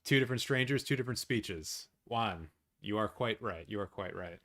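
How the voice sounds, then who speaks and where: A man hosting a live watch-along stream, chatting casually with his viewers, swearing often and reacting loudly. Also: lowish voice, moderate pace. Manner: excitable, swears a lot, talks to chat.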